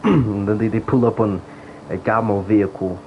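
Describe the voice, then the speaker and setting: Recounting old times in an online game, a gaming vlogger rants casually and curses freely. His fairly low voice keeps a fairly even intonation at a moderate pace, on dull lo-fi audio with a little background noise.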